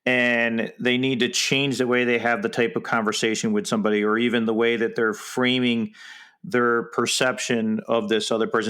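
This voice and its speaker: A man's voice: mid-range voice, a bit bright. Male podcast host with a conversational delivery and long, winding questions. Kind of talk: interview questions.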